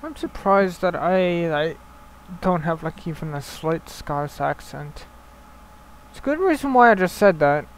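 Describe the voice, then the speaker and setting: Young man with a high voice, jokey let's-play chatter with lots of laughing, faint hiss underneath. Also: expressive, unhurried, poor audio. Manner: laughs often, swears, jokey. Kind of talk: casual gaming commentary.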